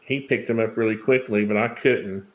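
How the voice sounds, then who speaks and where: A man from Tennessee with a Southern accent, co-hosting a casual livestream in a relaxed, joking way. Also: fairly low pitch, normal speed, rough recording. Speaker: co-host. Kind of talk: casual live-stream chat.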